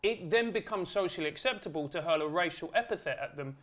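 A podcast guest with a fairly high, bright and forceful voice. He argues earnestly, stacking his points in steady, repeated phrases. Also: fast talker. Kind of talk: conversational argument.

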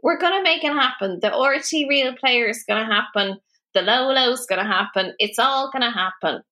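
A woman's voice: a little high, moderate pace, pushed and bright. A woman in her thirties with an Irish accent, co-hosting a podcast in casual, chatty conversation. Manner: chatty, storytelling, swears casually. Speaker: podcast co-host. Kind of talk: casual chat.

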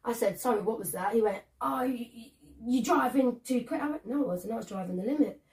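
A woman co-hosting a podcast, telling an animated story and acting out both sides of an argument. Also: a little high, brisk, far from the mic. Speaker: podcast co-host. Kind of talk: casual chat.

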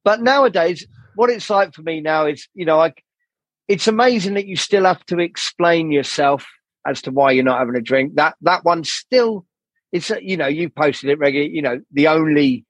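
A man's voice: on the high side, normal speed, no echo. A man as a podcast guest, talking candidly and rambling, swearing often and acting out the people he quotes. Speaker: podcast guest, jazz saxophonist.

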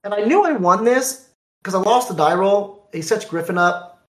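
A man telling a card tournament story in casual talk, animated, acting out the dialogue. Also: high-pitched, moderate pace. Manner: animated, acts out dialogue in quotes. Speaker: card game player. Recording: echoey room.

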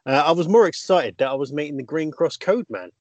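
Male co-host, slightly high voice, dry sound, relaxed anecdotes. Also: brisk, no room sound. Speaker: podcast co-host. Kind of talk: casual chat.

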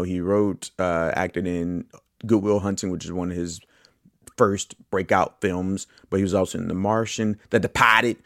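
A man with a very deep voice talks through a movie podcast in a loose, enthusiastic ramble, stopping now and then to correct himself. The sound is dry and close, with no room around it. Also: creaky, dry recording. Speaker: podcast host. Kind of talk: casual movie podcast monologue.

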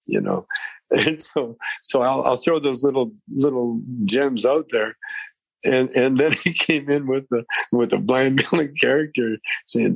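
A man's voice: medium pitch, vocal fry, slightly rough, dry recording, muffled recording. A man in his eighties from Canada, telling rambling, laughing stories as a guest on an interview show. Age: 80s. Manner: rambling, laughing, with many restarts. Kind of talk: casual storytelling interview.

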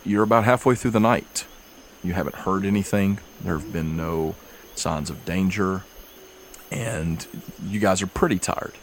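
A man narrating a tabletop game as game master, relaxed and halting with fillers. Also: sits low, a little hiss or hum.

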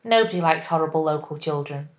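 A woman's voice: low voice, fast talker, muffled recording, a little hiss or hum. A woman co-hosting a podcast, chatting casually and joking about a TV series. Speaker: podcast co-host. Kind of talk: casual chat reviewing a TV series.

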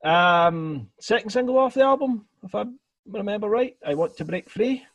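Man, podcast host, husky, dry sound, rambling, tipsy. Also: sits high, animated, a bit bright, no echo. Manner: rambling, halting, lots of fillers and swearing. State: a bit tipsy after two beers. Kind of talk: casual music podcast chat.

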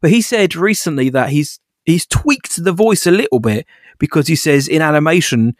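A man's voice: a little high, lively intonation, moderate pace, dry recording, studio quality. A man co-hosting a podcast in casual chat, upbeat and jokey, asking his co-host questions.

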